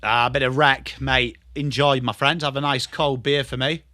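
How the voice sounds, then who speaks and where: A young English man hosting a live football watchalong, swinging between excited play-by-play calls and casual, swearing banter with his chat. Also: mid-range voice, normal speed, dry recording, clean studio sound. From England. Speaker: livestream host.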